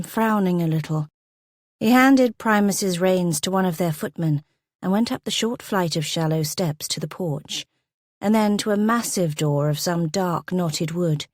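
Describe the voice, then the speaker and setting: A woman narrating a historical romance audiobook in a measured, descriptive way, close to a studio mic. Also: on the low side, a little mellow, no echo. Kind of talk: scripted narration.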